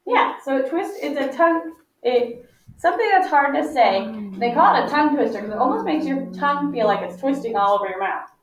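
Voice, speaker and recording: A woman teacher leading a phonics lesson for young children, patient and encouraging, stretching out sounds slowly for them to follow. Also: sits high, expressive, slight background noise. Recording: echoey, distant, muffled classroom audio.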